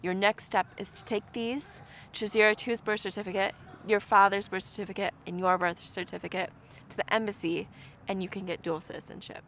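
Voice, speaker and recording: A woman's voice: mid-range voice, a little fast, a little hiss or hum. A woman telling a personal story in an interview, acting out what people said to her. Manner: animated, acts out quoted dialogue.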